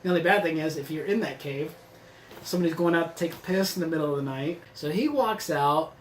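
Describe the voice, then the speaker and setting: This vlogger talks fast in a slightly high voice while casually going through a survival gear subscription box. He rambles, stays sarcastic, and swears freely, all on a low-quality recording.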